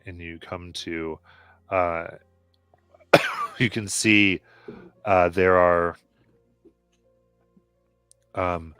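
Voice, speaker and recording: A man narrating a tabletop game as game master, halting often with ums and uhs on a live stream. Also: deep voice, a bit bright, smooth, dry recording.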